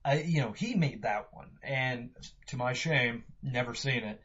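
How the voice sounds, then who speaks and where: A man talks his way through a movie review, stopping and restarting with constant fillers. His voice is husky and mid-pitched. The recording sounds dull and lo-fi. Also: unhurried, a bit bright. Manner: rambling, many "you know" fillers and restarts. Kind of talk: casual spoken review.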